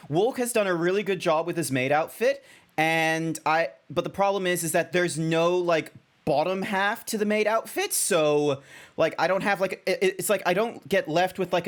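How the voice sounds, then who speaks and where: A young Australian man streaming as a VTuber, chatting casually and rambling with many restarts. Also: high voice. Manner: rambling, self-correcting, chatty.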